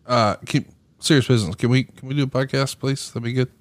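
A man's voice: medium pitch, fairly even intonation, quick pace, no echo. A man from the American South co-hosting a podcast, chatting casually and teasing his partner. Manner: teasing, joking. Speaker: podcast co-host. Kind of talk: casual chat.

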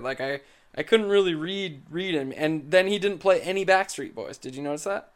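Teasing young man, slightly high voice. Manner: teasing, animated, quick laughs. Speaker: podcast host. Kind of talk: casual chat.

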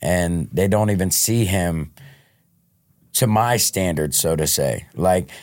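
A man with a deep, slow, slightly mellow voice is a guest on a podcast, telling his life story frankly and casually. He often restarts his words, and there is no room sound.

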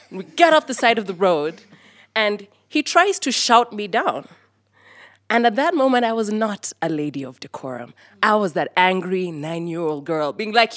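A woman from Kenya telling a personal story on stage, lively and animated, acting out the voices of people in it. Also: mid-range voice, normal speed, dry recording.

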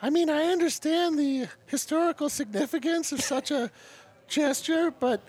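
A woman voicing a dry, witty male puppy who speaks in a deadpan, wry way. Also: high voice, moderate pace, lightly acted.

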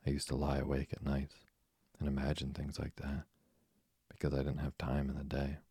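A man's voice: extremely low pitch, completely flat delivery, normal speed, mellow, husky, dry recording, clean studio sound, exaggerated voice. A man voicing a chatty, imaginative orphan girl who rambles eagerly in a storybook reading. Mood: chattering.

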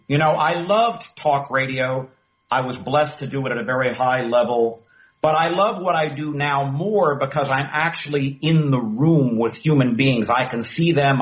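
A middle-aged man, a former talk radio host, telling a story in an interview with emphatic, animated delivery. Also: mid-range voice, poor audio. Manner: animated, emphatic storyteller who acts out quoted dialogue.

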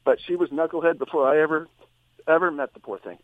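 A male psychotherapist, a guest on a show, tells a personal story with animated shifts in his voice. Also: fairly high pitch, fast, dry recording. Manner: animated storyteller, voice rises for quoted lines. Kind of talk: anecdotal storytelling. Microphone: phone. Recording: tinny phone line.

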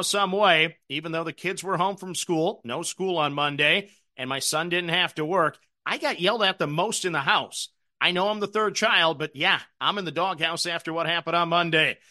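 A middle-aged man with a high, bright voice talks through his betting card in a casual, chatty way. He pokes fun at his own losing streak and keeps the tone conversational. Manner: chatty, self-deprecating storyteller. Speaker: sports betting show host. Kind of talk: casual betting recap and picks.

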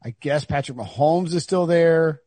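A man's voice: fairly high pitch, moderate pace, warm tone, no echo. A man co-hosting a podcast, chatting casually and animatedly about sports and teasing his co-hosts. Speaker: podcast co-host.

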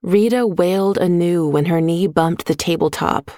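A woman narrating a short story in a measured, even voice on a close microphone. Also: fairly low pitch, no echo. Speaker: audiobook narrator. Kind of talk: scripted narration.

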